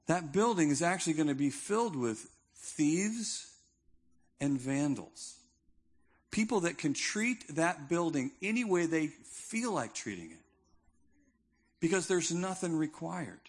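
A man's voice: on the high side, sing-song, unhurried, husky. Man preaching in an easy, conversational way. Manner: conversational, emphatic preaching with humor. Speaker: pastor. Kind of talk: sermon.

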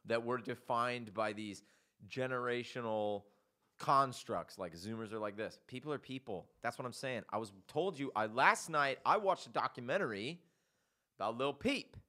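A man with a bright, forceful voice hosts a relaxed comedy chat. He tells stories with lots of energy and acts out the voices of the people in them. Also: mid-range voice, moderate pace. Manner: animated storytelling, acts out quotes. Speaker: podcast host.

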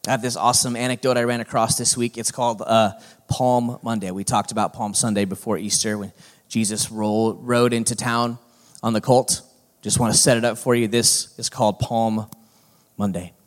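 A man's voice: fairly low pitch, little pitch movement, normal speed. A middle-aged male pastor preaching a sermon in a folksy, conversational manner that builds to emphatic points.

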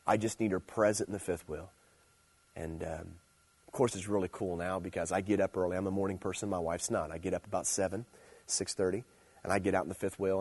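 A young man giving a relaxed, conversational sermon, telling stories about home life and then preaching with growing energy. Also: low voice. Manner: conversational storytelling, animated and playful when preaching. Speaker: youth pastor. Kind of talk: casual sermon.

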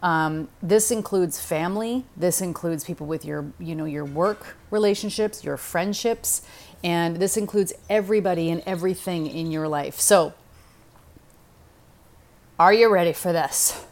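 A middle-aged woman with a slightly low voice gives casual advice. She talks straight to the listener, direct and chatty, and keeps checking in with "okay?" and "right?" along the way. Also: measured pace. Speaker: podcast host.

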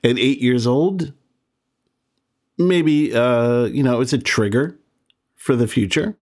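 A man's voice: mid-range voice, slow, darkish tone. A man in his sixties hosting a podcast, telling a personal story in a candid, self-deprecating way and chuckling as he remembers. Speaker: podcast host.

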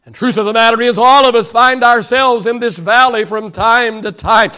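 Man, pastor, church sermon, very high voice, repeats phrases, lines fade out softly. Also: fairly even intonation, moderate pace, clean tone. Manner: impassioned preaching, repeats phrases, lines trail off quietly.

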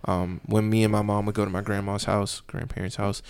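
A man's voice: lowish voice, brisk, smooth, no room sound. A young man, a police officer, telling stories in casual podcast talk and acting out the voices of the people in them. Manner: animated, acts out voices in his stories.

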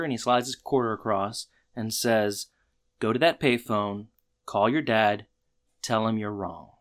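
A man co-hosting a podcast, retelling a TV episode in casual chat, quieter and reflective. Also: mid-range voice, unhurried, clean tone. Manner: quieter, reflective, keeps feelings inside. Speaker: podcast co-host.

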